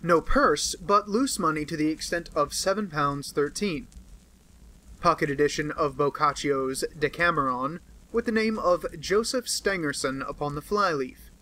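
A man's voice: fairly high pitch, moderate pace, sharp tone. A man reading an audiobook and voicing a stiff, businesslike police inspector who takes offence easily. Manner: businesslike report, touchy. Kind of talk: audiobook character voice.

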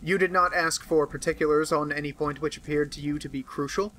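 A keen consulting detective presses for details with pointed questions, dryly amused, as a man voices him in an audiobook. The voice is bright and edged. He speaks a little above an everyday pitch. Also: steady tone, fairly quick, a little hiss or hum, low-quality recording. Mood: probing. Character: sharp, probing, amused male consulting detective. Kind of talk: audiobook character voice.

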